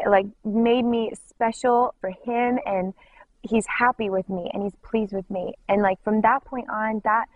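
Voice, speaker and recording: A woman giving an emotional personal faith testimony, speaking in halting bursts full of "like". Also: medium pitch, no echo, narrow, tinny audio. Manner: emotional, halting, many "like" fillers. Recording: music bed under voice. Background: clear music.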